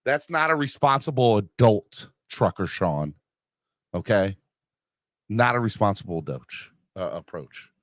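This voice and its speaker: This podcast host is a middle-aged man with a lowish, slightly bright voice, animated but unhurried, captured clean in the studio without echo. Reading live comments, he rambles casually and self-deprecatingly, stumbling through fillers and restarts.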